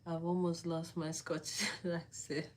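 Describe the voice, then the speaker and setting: A woman's voice: fairly low pitch, level tone, measured pace. A woman hosting a casual livestream, chatting with viewers and answering their comments, laughing often. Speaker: livestream host.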